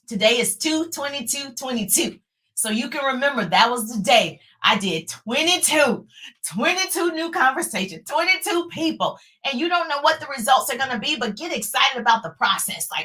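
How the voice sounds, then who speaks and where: High, bright, hyped-up woman coach. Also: normal speed. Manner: energetic, hyped-up, cheering on viewers. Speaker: sales coach. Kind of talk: live-stream coaching talk.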